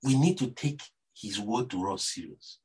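A man with a Nigerian accent delivers a sermon. His voice is husky, and his pitch swings widely as he presses each point. He keeps circling back to the same phrases. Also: lively intonation, normal speed, a little mellow. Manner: earnest, repeats "you see" and phrases for emphasis. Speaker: preacher.

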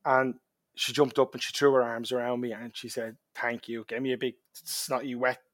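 An Irish man telling a long personal story as a podcast guest, lively, dropping to a murmur at quiet moments. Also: mid-range voice, moderate pace, dry recording. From Ireland. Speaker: charity hike organizer, guest.

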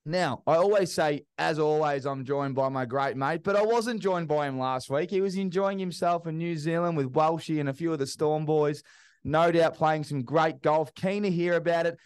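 A man's voice: on the high side, moderate pace, clear, resonant tone, dry recording, clean studio sound. An Australian man hosting a casual sports podcast, chatty and upbeat with matey banter. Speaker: podcast host.

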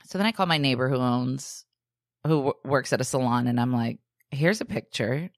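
A low-pitched woman co-hosting a podcast tells a story in an easy, chatty way and slips into the voices of the people she quotes, dropping "like" and "dude" all the time. The sound is close and completely dry, with no room echo. She sounds like she's in her thirties. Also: normal speed. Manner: animated, acts out quoted voices, says "like" and "dude" a lot. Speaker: podcast co-host. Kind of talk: casual storytelling chat.

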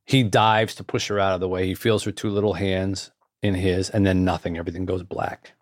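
An author and guest telling a story in an earnest way, with repeated phrases and restarts. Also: male voice, low-pitched, level tone, a little fast, no room sound, clean studio sound. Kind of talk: anecdotal storytelling.

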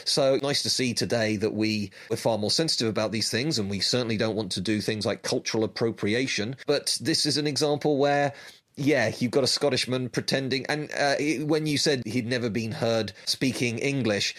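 A man's voice: mid-range voice, moderate pace, fairly bright tone. A man co-hosting a podcast in casual chat, reflective and thinking aloud with a few restarts. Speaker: podcast co-host.

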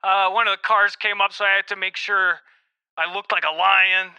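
Crude manic caller, played by a man; high and piercingly bright. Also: flat delivery, moderate pace, gravelly, clean tone, exaggerated voice. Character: crude loud-mouthed man named Jack. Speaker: comedy podcast bit character.

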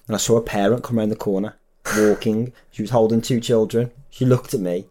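A man's voice: on the low side, steady tone, brisk, dark tone. A young man, podcast co-host, chatting casually and telling anecdotes in an easygoing way, laughing as he goes. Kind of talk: casual chat and storytelling.

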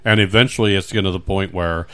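Man, podcast host, casual chat, rambling, low-ish voice. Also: fast talker, smooth. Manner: rambling, animated, acts out little scenes.

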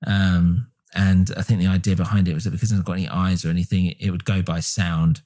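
Talking fast in a low voice, this podcast co-host chats casually and with real enthusiasm. He's relaxed and leans heavily on fillers.

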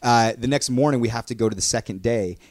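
A man telling a story in casual podcast chat, excitable and rambling, full of "like" fillers. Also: mid-range voice, fast, no echo. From Canada. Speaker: podcast co-host.

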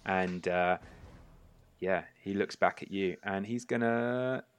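A man's voice: sits low, slow pace, smooth. A man running a tabletop game as game master, narrating casually with frequent hesitations.

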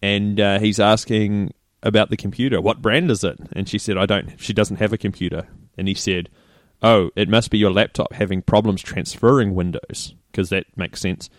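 Low-voiced New Zealand man, laid-back. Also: fairly even intonation, normal speed, hardly any pauses, dry recording, studio quality. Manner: laid-back, laughs and acts out quotes. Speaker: podcast co-host. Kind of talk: casual chat.

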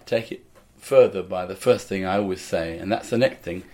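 A man's voice: deep voice, moderate pace, darkish tone. An older man, a comedian, telling stories in casual conversation with a dry, anecdotal manner. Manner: anecdotal, dry, acts out quoted lines. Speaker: comedian guest.

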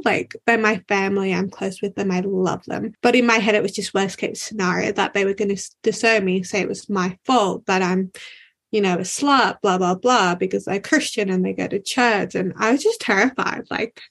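A woman's voice: medium pitch, creaky. A young woman, talking frankly as a guest, with lots of "like" and casual swearing. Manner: frank, heavy use of filler "like", casual swearing. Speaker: podcast guest. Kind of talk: candid conversational storytelling.

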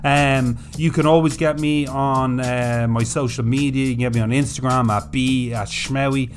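A man hosting a podcast in a casual monologue, animated and chatty, swearing freely. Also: mid-range voice, normal speed, faint music behind. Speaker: podcast host.

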